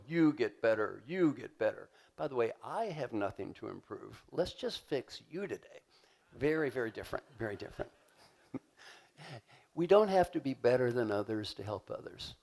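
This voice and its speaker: A man speaks as a leadership coach at a live seminar in a large conference hall. His voice is slightly high and gravelly with fry. He jokes with the crowd and pushes them to answer back. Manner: energetic, joking, leads audience call-and-response. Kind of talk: live motivational seminar talk.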